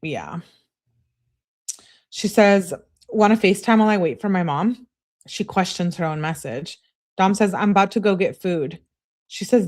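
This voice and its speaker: A woman's voice: mid-range voice, measured pace, long pauses, darkish tone. A woman hosting a live stream, reading text messages aloud with speaker tags and breaking off to comment and greet viewers. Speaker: true-crime channel host.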